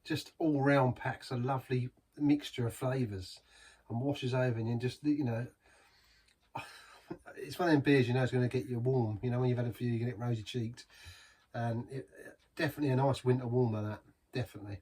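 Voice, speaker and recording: A man's voice: medium pitch, fairly even intonation, brisk, a little mellow, slightly rough, far from the mic. A man reviewing a beer in a chatty, rambling way, savouring each sip. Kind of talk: casual beer review vlog.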